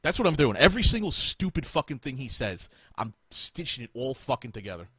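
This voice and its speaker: A man ranting on a podcast, cursing constantly and sounding fed up. His voice is husky and swings wildly in pitch, and the recording is dry and close. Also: big pitch swings, fairly quick, a bit bright, dry recording. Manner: profane, exasperated ranting. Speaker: podcast host. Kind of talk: casual podcast chat.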